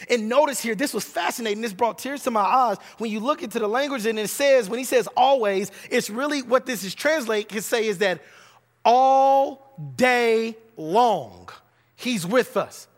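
A man's voice: very high voice, moderate pace, in a large hall. A male pastor preaching a sermon, building emphatic repeated phrases and stumbling into restarts now and then.

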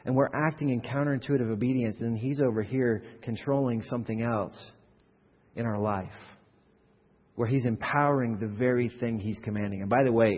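A man preaching a sermon as pastor, animated and acting out quoted voices, with frequent repeated words. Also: mid-range voice, slightly rough. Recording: muffled hall recording from a distance.

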